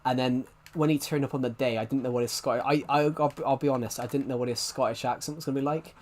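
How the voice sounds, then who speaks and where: Young man in his twenties, game streamer, loose rambling chat that keeps restarting mid-sentence, mid-pitched. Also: fairly even intonation, fast, darkish tone. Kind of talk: casual live-stream chat while playing.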